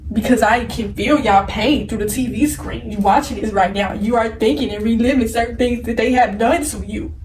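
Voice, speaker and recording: In an emotional direct-to-camera message, a tearful woman preaches blunt spiritual advice to viewers, repeating herself. Her fairly high, darkish voice runs at normal speed with few pauses, recorded roomy and distant with slight background noise.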